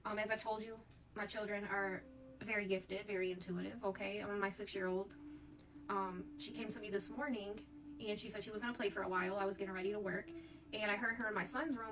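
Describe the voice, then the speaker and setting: A woman with a medium-pitched, flat voice speaks fairly quickly, sounding far from the mic on a low-quality recording. She's a tarot reader doing a casual reading, chatting with her viewers and often addressing them as "Divine Collective".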